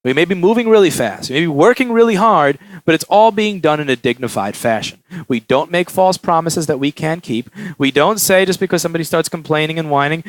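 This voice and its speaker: A man who owns a repair shop talks to camera in a casual vlog monologue. He tells stories animatedly with a lively, swinging pitch and a slightly raised voice, and the sound is dry and close. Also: fairly quick, few pauses, dry recording. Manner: animated storytelling, acts out quotes.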